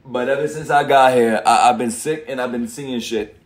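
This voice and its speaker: A young man giving casual, profane reaction commentary on anime, joking loudly and laughing a lot, with the show's music playing behind him. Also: mid-range voice, fairly even intonation, moderate pace. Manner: loud joking outbursts, frequent laughs and cursing.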